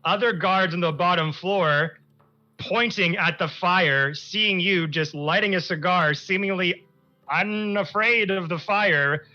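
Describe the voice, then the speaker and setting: Male GM, bright tense voice, rambling scene narration, muffled mix with faint music. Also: high voice, slow pace. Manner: animated, rambling descriptions. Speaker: game master. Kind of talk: narrating a tabletop game. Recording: muffled stream audio with music.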